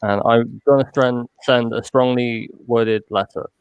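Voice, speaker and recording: A man's voice: mid-range voice, steady tone, unhurried, clear, resonant tone, no echo, highs cut off. A man in casual stream chat with a dry, wry sense of humor.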